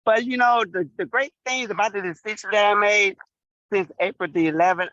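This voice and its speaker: A woman's voice: medium pitch, expressive, brisk, fairly bright tone, no echo, highs cut off. A middle-aged woman on a video call giving an exuberant testimonial, repeating phrases for emphasis like a preacher. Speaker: client sharing her story.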